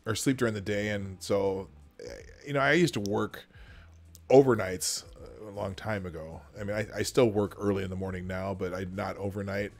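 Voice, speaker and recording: A man's voice: fairly low pitch, steady tone, normal speed. A man hosting a livestream, chatting casually and rambling with many restarts. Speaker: host.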